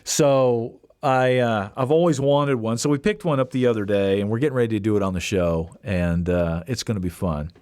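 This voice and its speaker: A man hosting a podcast, telling a casual story in an animated way and acting out the voices he quotes. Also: lowish voice, moderate pace, hardly any pauses, clean tone, dry recording, clean studio sound. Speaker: podcast host.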